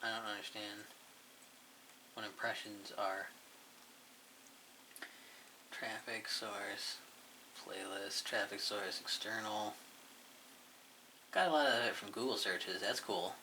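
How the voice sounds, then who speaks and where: A man's voice: on the low side, takes it slowly, pauses often, sharp tone, slight background noise. A man casually rambling through a look back at his own channel, mumbling and swearing offhandedly as he goes. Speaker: YouTuber reviewing his channel.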